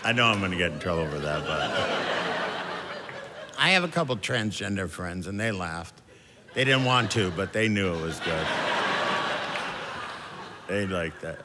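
A man's voice: low voice, sing-song, measured pace, long pauses. Chatty middle-aged male stand-up comic. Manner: self-deprecating, chatty, jumps into shouted character voices. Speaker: stand-up comedian. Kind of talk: stand-up comedy set. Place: comedy club stage with a live audience. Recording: live club recording with audience noise.

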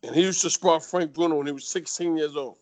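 A man's voice: on the high side, quick pace. New York man telling boxing stories. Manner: animated anecdotal talk with fillers. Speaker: retired boxer guest. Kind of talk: casual interview storytelling.

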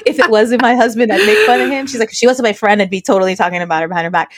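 A woman's voice: a little high, lively intonation, racing, no echo, clean studio sound. A middle-aged woman hosting a casual chat over a video call, telling stories animatedly and mixing Spanish phrases into English. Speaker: podcast host.

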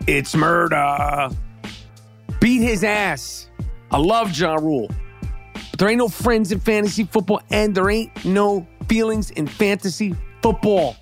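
A sports commentator with a high-pitched voice rants about the football weekend and his fantasy team at a normal speed. He's brash, profane, hyped up and repetitive, with soft music playing behind him.

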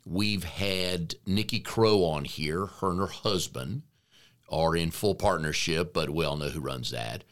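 Deep-voiced man co-hosting a podcast. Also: unhurried. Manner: jokey, easygoing banter. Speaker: podcast co-host, business coach. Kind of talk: casual podcast chat.

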